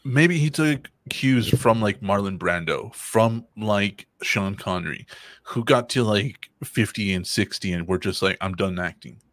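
A man's voice: on the low side, a little slow, a bit bright, dry recording. A man in loose, profane banter who rambles and laughs easily. His voice sits close and dry, with no room sound around it. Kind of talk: casual banter.

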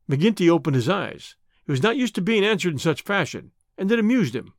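Male audiobook narrator, expressive storytelling, fairly high voice, dry close sound. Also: a little fast, no echo. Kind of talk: scripted narration of a classic story.

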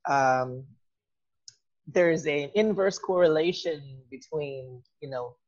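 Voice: medium pitch, slow. A speaker hosting a casual conversation, talking reflectively with many fillers and asides. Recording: dull lo-fi sound.

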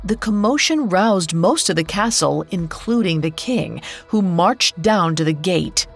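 A woman narrates a fairy tale in a measured, unhurried way, her voice sitting low. The delivery is slow and steady, like scripted storytelling. Faint music plays beneath her.

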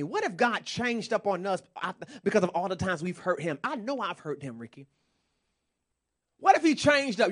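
Male preacher, very high voice, passionate sermon, calls out to the crowd. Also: big pitch swings, moderate pace.

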